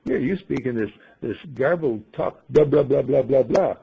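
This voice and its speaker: A man voicing a wise male talking bird in a told story, speaking in a patient, gently lecturing way. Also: mid-range voice, animated, moderate pace, creaky, slightly rough, narrow, tinny audio, full character voice. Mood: chiding.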